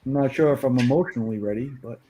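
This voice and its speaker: A man's voice: medium pitch, rapid-fire, mellow, a little hiss or hum. A man joking around in a casual online video-call chat about comics. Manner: playful, jokey. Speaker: hangout participant showing comics.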